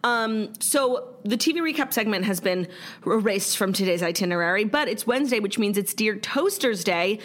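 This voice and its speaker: A woman's voice: mid-range voice, lively intonation, moderate pace. A young woman co-hosting a podcast in casual chat, talking loosely with lots of fillers and some swearing, while getting over a stomach illness. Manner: chatty, many fillers, swears freely. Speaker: podcast co-host.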